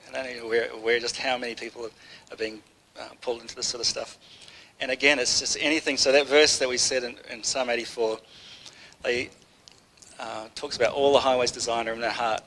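Guy preaching a chatty sunday sermon, pretty flat voice, keeps restarting, bit of faint noise behind. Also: mid-range voice, a little fast, rough recording. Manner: conversational, rambling, with many restarts. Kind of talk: informal sermon.

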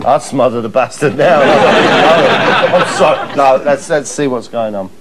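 A man's voice: mid-range voice, unhurried, over a noisy crowd, heavy background noise. A man hosting a comedy show, introducing clips with mock-dramatic asides and frequent laughter. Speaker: host presenting clips. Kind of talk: comic presenting.

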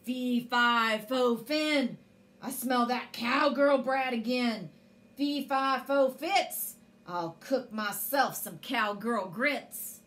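A woman's voice: fairly high pitch, slow, fairly bright tone. A woman doing a thundering mean giant. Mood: menacing. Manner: thundering rhyming chants. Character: huge mean hungry male giant, bellowing.

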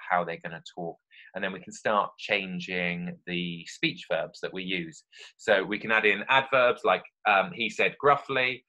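Guy teaching kids, bright voice, kinda low, walks through each step friendly. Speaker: primary school teacher. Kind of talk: online literacy lesson.

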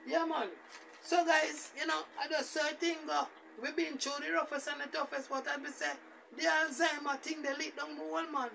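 A man's voice: very high voice, normal speed, creaky, far from the mic, slight background noise. A man with a Jamaican Patois accent rambling through a casual, repetitive story as a vlogger. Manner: rambling, repetitive, animated retelling.

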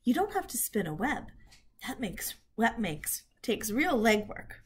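A woman's voice: on the high side, a little slow, slightly rough, heavily acted. Woman voicing a wise patient spider. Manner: calm, explaining and coaching.

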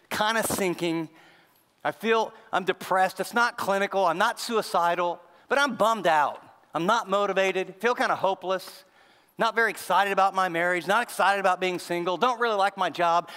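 A man with a high voice preaches animatedly, firing off question after question. His voice rings through a large hall with a long reverb. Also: a bit bright. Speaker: pastor. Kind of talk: sermon.

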